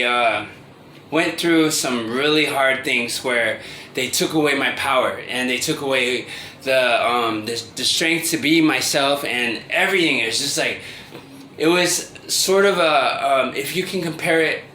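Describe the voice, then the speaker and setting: A man telling a personal story in a casual, halting way, full of restarts and fillers and often breaking into laughter. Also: mid-range voice, sharp tone. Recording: echoey room with faint ambient noise.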